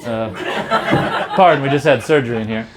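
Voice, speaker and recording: A man's voice: mid-range voice, very noisy, pitched below the performer's own voice. A man improvising a weary police chief, talking bluntly and matter-of-factly to a detective. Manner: blunt, businesslike, a bit weary. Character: stern police chief, man, middle-aged, patient. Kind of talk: improvised comedy scene.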